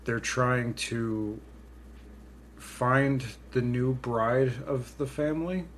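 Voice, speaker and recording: A man's voice: medium pitch, steady tone, very slow, slight background noise. Laid-back man podcast co-host. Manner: laid-back, swears freely while retelling scenes. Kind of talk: casual chat.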